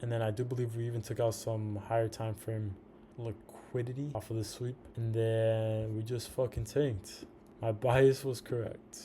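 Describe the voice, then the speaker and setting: A day trader with a slight lisp from his retainer rambles casually through a profane recap of his trades, saying "bro" a lot. His medium-pitched voice is flat and warm, moving at a normal speed over slight background noise.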